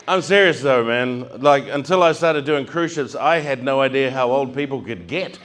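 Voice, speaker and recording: A male stand-up comedian telling stories on stage, animated, acting out scenes and building to shouts. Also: mid-range voice, moderate pace, background noise. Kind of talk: stand-up storytelling. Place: comedy stage before a live audience.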